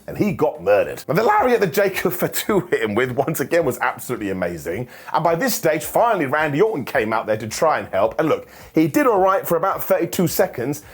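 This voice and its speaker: A man's voice: a little high, husky. A man giving a jokey, sarcastic recap of a wrestling show, full of mock asides to the wrestlers.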